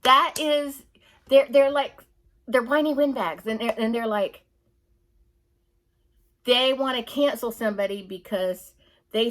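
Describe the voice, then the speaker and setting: Her voice is high and a bit bright as she rambles through a casual opinion monologue. The exasperated vlogger laughs while telling stories and mocks people with whiny, put-on voices.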